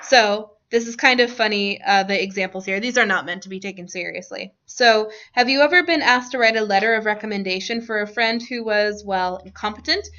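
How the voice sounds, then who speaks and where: A woman's voice: mid-range voice, bright, forceful tone. A woman teacher leading a classroom lesson, asking students questions and laughing often. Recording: dull lo-fi classroom recording.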